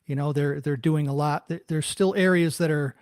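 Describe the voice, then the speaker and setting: Male host, slightly high pitch, halting, many restarts, dry sound. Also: steady tone, darkish tone, no echo. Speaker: podcast host. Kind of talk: casual interview talk.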